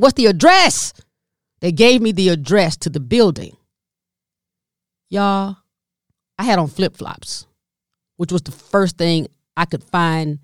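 Slow-talking woman telling a story. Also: dry recording, studio quality. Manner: animated, addresses listeners as y'all, voice drops low and soft when moved. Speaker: podcast host. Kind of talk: personal storytelling podcast.

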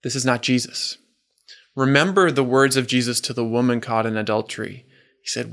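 A man's voice: mid-range voice, fairly bright tone. Earnest male preacher giving a sermon. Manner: earnest, slow and emphatic, asks the audience questions.

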